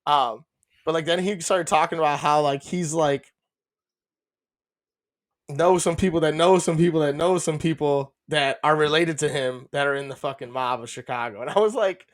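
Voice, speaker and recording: A man's voice: a little high, normal speed. A man co-hosting a podcast, telling rambling, profane stories and laughing often as he talks. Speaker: podcast co-host. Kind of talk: casual chat.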